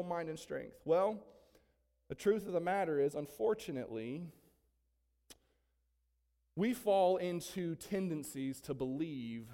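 A man's voice: fairly high pitch, a little mellow. A male pastor preaching a sermon in a church, emphatic and full of rhetorical questions to the congregation. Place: church sanctuary. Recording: long church reverb.

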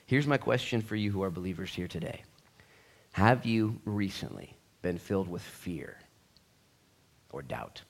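A middle-aged man delivers a church sermon with a lively, wide-ranging voice that jumps up and drops low. He acts out little scenes in different voices and moves from loud outbursts to quiet, hushed asides. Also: unhurried, creaky, pauses often. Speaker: pastor.

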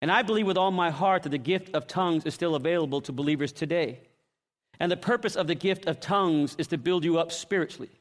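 High-voiced preacher, middle-aged man. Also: quick pace. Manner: dramatic storytelling with acted-out voices and shouts. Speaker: pastor. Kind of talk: sermon.

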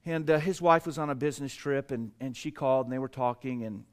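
A man preaching a sermon, building to emphatic swells with dramatic pauses and acting out voices in his stories. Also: mid-range voice, smooth. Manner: acts out quoted voices in a storytelling joke. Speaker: pastor.

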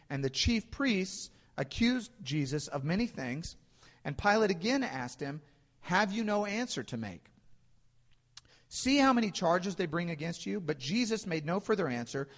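A man's voice: on the high side, big-room sound. A man preaching a conversational sermon, explaining scripture with many fillers and restarts.

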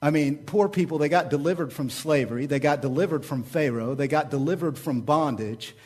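A man, the pastor, preaching a sermon with energetic, repetitive rhetoric and casual asides. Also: on the high side, a little fast, breathy edge.

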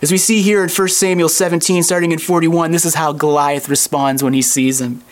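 A preacher giving a sermon in an animated, conversational storytelling manner. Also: medium pitch, a little fast.

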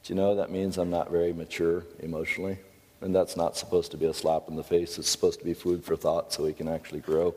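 A middle-aged American pastor giving a folksy, conversational sermon with storytelling asides. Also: male voice, sits low, level tone, quick pace, darkish tone, long reverb tail.

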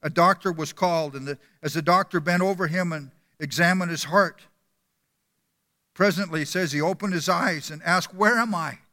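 Bright-voiced preacher in an echoing hall. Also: male voice, on the high side, steady tone, normal speed. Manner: earnest storytelling, repeating words. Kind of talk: sermon. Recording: long hall reverb.

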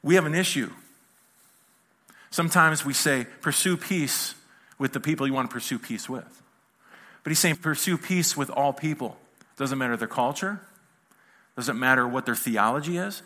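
A man's voice: medium pitch, lively intonation, moderate pace, pauses often, bright, forceful tone. A male pastor preaching a conversational sermon to a congregation in a church, mixing humor with acted-out quotes.

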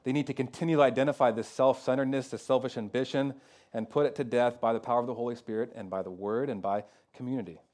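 A man preaching a sermon as pastor, talking casually with lots of "like" and "kinda," moving between loud emphatic peaks and quiet, low passages. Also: steady tone, quick pace. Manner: conversational preaching with fillers like "kinda" and "like".

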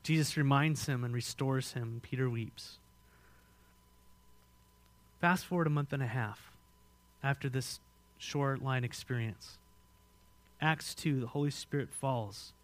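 An American pastor preaches a sermon in a mid-range voice, a little slow and pausing often. He swings between loud, emphatic lines and hushed ones, putting direct questions to the congregation.

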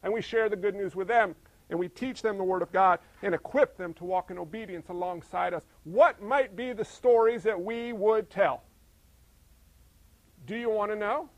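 A male pastor preaching with a fairly high, gravelly voice that often crackles into fry. He fires off rhetorical questions and swings between loud emphasis and hushed asides. The sound is close and dry, with no room around it. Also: moderate pace, no echo. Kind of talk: sermon.

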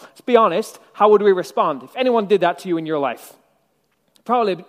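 A man's voice: high-pitched, expressive, normal speed, big-room sound. A male preacher giving a sermon in a conversational, reflective way, with wry asides.

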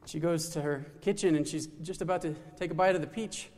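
A man's voice: on the high side, steady tone, a little fast, a little mellow. A man casually retelling a folktale, loose and chatty with restarts and asides. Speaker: storyteller. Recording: long hall reverb.

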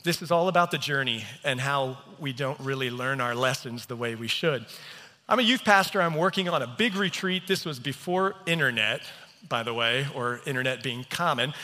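A man's voice: medium pitch, sharp tone. A man preaching a sermon as pastor, telling stories on himself in an earnest, self-deprecating way. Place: church hall. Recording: reverberant church hall.

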